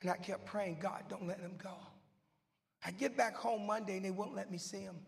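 A man preaching a sermon as he tells a story, swinging from hushed whispers to loud shouting, with a loud, goofy manner. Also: sits high, steady tone, normal speed, gravelly. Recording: long hall reverb with faint music.

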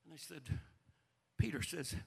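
A middle-aged man, preaching a sermon in a folksy storytelling way that rises into shouted fervor. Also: on the high side, measured pace, vocal fry, slightly rough. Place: church sanctuary. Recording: long reverb of a large hall.

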